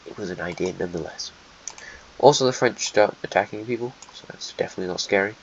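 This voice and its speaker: Male narrator, lowish voice, dry sarcastic map commentary, dull home mic with faint hiss. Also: fast talker, gravelly. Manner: offhand, sarcastic, mutters asides while drawing. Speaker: alternate history narrator. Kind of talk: casual map-drawing narration.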